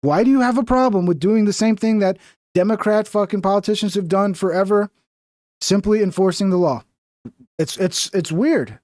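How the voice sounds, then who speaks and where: Male streamer, high voice, dry sound; blunt, profane, rambling. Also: normal speed, a little mellow, no echo. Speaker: livestream host. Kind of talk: casual livestream commentary.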